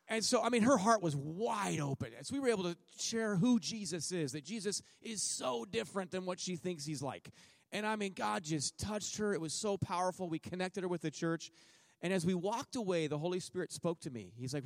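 A man's voice: high voice, expressive, a little fast, creaky, no echo, studio quality. A middle-aged man speaking to a church as a missionary, telling a story with jokes and acting out what people said. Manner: joking storyteller, acts out his own and others' words. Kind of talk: sermon testimony.

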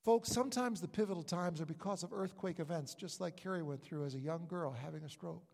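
A man's voice: on the high side, brisk, gravelly, darkish tone. A middle-aged man from New York, a pastor preaching a sermon as he tells a story with emphatic repetitions. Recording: long hall reverb.

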